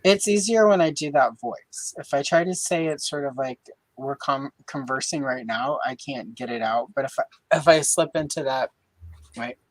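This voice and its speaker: A woman's voice: rumbling low, moderate pace, no room sound, rough recording. A woman hosting a live stream, chatting casually and joking at her own expense. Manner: chatty and self-deprecating. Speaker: host.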